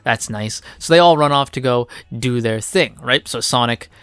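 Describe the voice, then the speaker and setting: A man's voice: mid-range voice, normal speed, a bit bright, clear, resonant tone, no echo. Casual man recapping a comic, profane. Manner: rambling, profane, with filler words. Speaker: comic reviewer.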